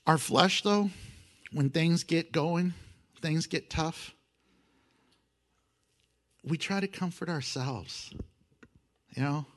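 A man preaching a sermon, animated, swinging from loud emphasis to hushed, intimate asides and acting out prayers with humor. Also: a little high, slow, long pauses. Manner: acts out prayers and voices with humor. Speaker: pastor.

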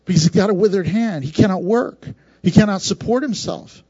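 A man preaching a sermon in a conversational, animated way, laughing often and acting out voices. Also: sits high, brisk, husky, dry recording, lo-fi sound. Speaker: pastor.

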